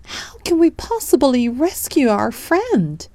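Woman reading as a weepy, fretting auntie fish, high wailing voice, storybook. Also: big pitch swings, slow, dark tone, no echo, exaggerated voice. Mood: distraught. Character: tearful, fretful old aunt fish.

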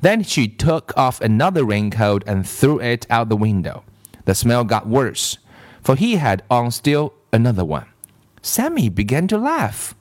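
A man reading a children's story aloud, slow and expressive. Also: medium pitch, dry recording, clean studio sound.

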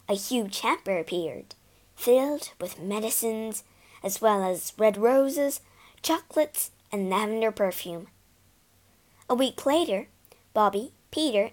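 A woman narrating a children's storybook slowly and expressively. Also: on the high side. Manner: slow and expressive.

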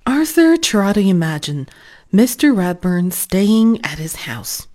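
A woman reading a children's picture book aloud with slow, expressive narration. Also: medium pitch. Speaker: storybook reader.

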